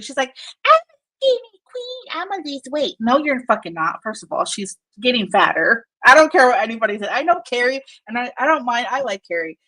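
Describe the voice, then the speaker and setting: A woman's voice: on the high side, a bit bright, rough recording. A woman streaming casual commentary, blunt and profane, rambling and laughing often while she multitasks on screen. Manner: distracted while working on screen.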